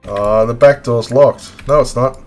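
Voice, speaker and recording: A man casually chatting on a game stream as he explores, excitable and talkative, often exclaiming. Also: medium pitch, measured pace, soft background music.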